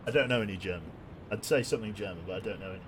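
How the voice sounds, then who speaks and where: A man's voice: lowish voice, sing-song, quick pace, a little hiss or hum. A man giving casual, jokey commentary while streaming a game, chatting with viewers and swearing now and then.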